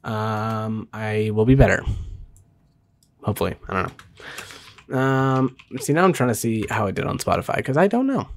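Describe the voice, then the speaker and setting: A man hosting a casual solo podcast, rambling with many fillers and restarts, self-deprecating and talking fast. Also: on the low side, expressive. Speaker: podcast host.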